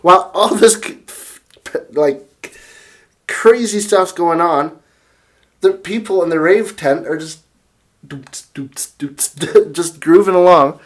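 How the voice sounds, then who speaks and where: A young man hosting a casual video, retelling a chaotic story in a rambling, excitable way with many restarts and fillers, reading quotes from his notes. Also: high-pitched, measured pace, pauses often. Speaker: music channel host.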